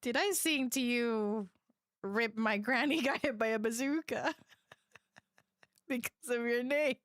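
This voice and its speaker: Giggly, bright-voiced woman streamer. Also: on the high side, measured pace, no room sound, studio quality. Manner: giggly and chatty, laughs often; reads viewer messages aloud. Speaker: livestreamer. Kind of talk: casual chat with a live audience.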